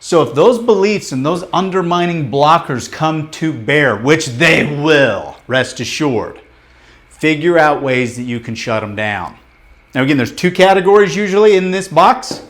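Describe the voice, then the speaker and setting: Animated, high-pitched male motivational coach. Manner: animated and emphatic, blunt with casual swearing; asks the group rapid questions. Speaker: business coach leading a training. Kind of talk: motivational workshop talk to a live group.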